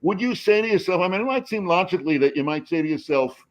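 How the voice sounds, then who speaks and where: A man's voice: high-pitched, expressive, fast talker, rough recording. An older man, a screenwriter and professor, telling stories expressively on a panel, with many restarts. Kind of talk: animated panel talk.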